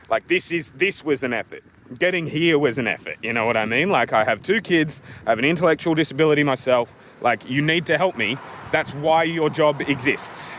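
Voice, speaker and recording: A man's voice: fairly high pitch, a bit bright, slight background noise. Agitated swearing Australian man ranting. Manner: swearing, agitated, rambling with many "like"s. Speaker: vlogger. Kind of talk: angry vlog rant.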